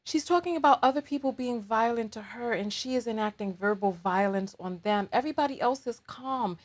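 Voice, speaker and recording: A woman's voice: fairly high pitch, fairly quick. A woman hosting a reaction show, commenting on a clip in a stunned, incredulous and emphatic way. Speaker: host reacting to a video.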